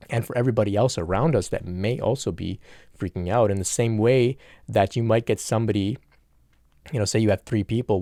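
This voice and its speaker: Man, spiritual teacher, solo talk; low gravelly voice, dry close sound, steady repetitive reassurance. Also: no echo. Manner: calm, repetitive, reassuring, with frequent "of course" and "okay?".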